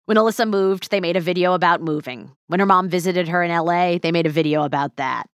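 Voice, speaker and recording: A woman podcast host who narrates a scripted story in a measured way and interviews a guest. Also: on the low side, clean tone, dry recording, studio quality.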